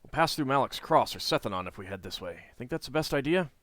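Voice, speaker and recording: A man's voice: mid-range voice, expressive, fast, fairly bright tone, dry recording, pitched above the performer's own voice, close to an everyday voice. Man reading young adventurer, businesslike, everyday voice. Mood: brisk.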